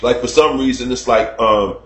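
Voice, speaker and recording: A man telling a story to his camera in a casual, animated, profane way, acting out shouts at a neighbor, recorded in a room at home. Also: medium pitch, moderate pace, roomy sound. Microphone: camera mic.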